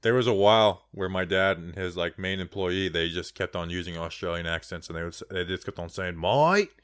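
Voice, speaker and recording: A man's voice: low-pitched, flat delivery, fairly quick, a bit bright, clean tone, dry recording, studio quality. A man co-hosting a sports podcast in casual chat, rambling and digressive, with lots of "like". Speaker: podcast co-host.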